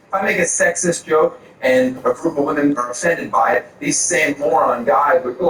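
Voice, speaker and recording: A man from Florida with a somewhat high voice doing stand-up, ranting crudely. He is heard from a distance in a very echoey room, with steady noise behind him. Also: moderate pace, hardly any pauses. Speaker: stand-up comedian. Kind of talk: stand-up set. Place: comedy club stage. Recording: echoey room from far off, audience ambience.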